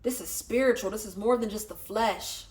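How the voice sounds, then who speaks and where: Excitable woman doing a tarot reading. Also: medium pitch, moderate pace. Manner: excitable, profane, talks straight to viewers; swears freely, laughs often. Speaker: tarot reader.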